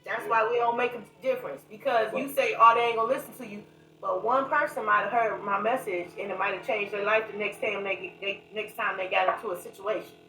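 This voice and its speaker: A middle-aged woman, a guest author, telling stories with lots of laughter and then reading her own poem in a low, intense voice. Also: brisk, few pauses. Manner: animated, laughing storyteller, drops to a low intense voice for poetry. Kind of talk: storytelling and poetry reading. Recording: echoey room, voice from a distance.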